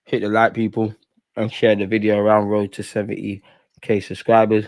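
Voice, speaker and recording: A man's voice: fairly low pitch, completely flat delivery, moderate pace, no room sound, studio quality. Opinionated man chatting football. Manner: casual, opinionated, rambling with slang. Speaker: football fan channel host. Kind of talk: live match watch-along chat.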